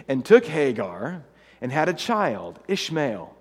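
A man preaching a sermon, telling the story in an animated, humorous way and acting out the characters' lines. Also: fairly high pitch, normal speed, big-room sound.

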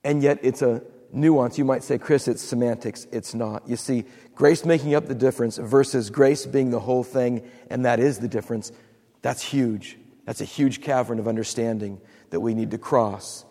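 A man's voice: medium pitch, steady tone, moderate pace, mellow, in a large hall. A man preaching a sermon as pastor, acting out quotes and repeating words for emphasis.

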